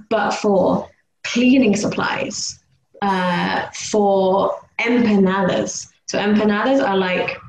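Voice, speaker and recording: A young woman from the UK chats casually as a podcast co-host, her voice sitting at an ordinary middle pitch. She gets animated, loudly imitating street noises and jingles. The recording sounds echoey, with a faint hiss of background noise. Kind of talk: casual chat.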